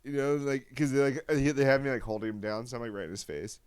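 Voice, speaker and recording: A man's voice: mid-range voice, fairly even intonation, quick pace, a little mellow, clear, resonant tone, no room sound. A man in his thirties co-hosting a casual podcast, laid-back and rambling. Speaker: podcast co-host. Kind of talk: casual chat.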